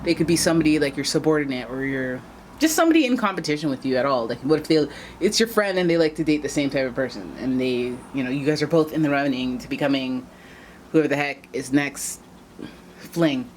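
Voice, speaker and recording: Speaking to camera in a low, expressive voice at a brisk clip, a woman reads tarot cards in a chatty, casual manner. She addresses her viewers directly and slips into playful asides while a faint hiss runs in the background.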